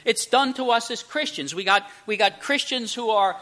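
A man's voice: very high-pitched, moderate pace, bright, forceful tone. A man preaching a sermon, telling a joke and then explaining a Bible passage, with frequent restarts and emphatic stresses. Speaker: pastor.

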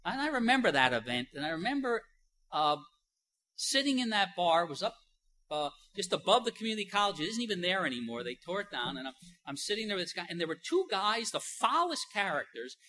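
Male pastor, sermon delivery, bright edgy tone, emphatic, talky with "you know" fillers. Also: sits high, sing-song, brisk, poor audio. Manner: swings between soft and loud emphasis.

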